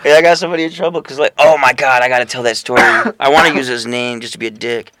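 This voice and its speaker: A man's voice: mid-range voice, steady tone, fast talker, sharp tone. A man in a casual, profane podcast chat, joking and laughing often. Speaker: podcast guest or host. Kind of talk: casual crude banter.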